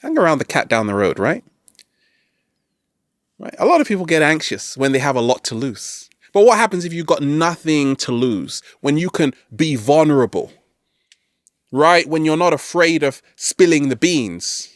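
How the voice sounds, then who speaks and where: A man talks straight to camera in a lively, bouncing voice that sits a little high for a man, giving a motivational self-help talk. He keeps tossing in "right?" and playful catchphrase asides. The sound is dry and close, with no room around it. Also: moderate pace, no room sound. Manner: animated, playful, constantly asks "right?"; throws in jokey catchphrase asides. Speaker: self-help video host.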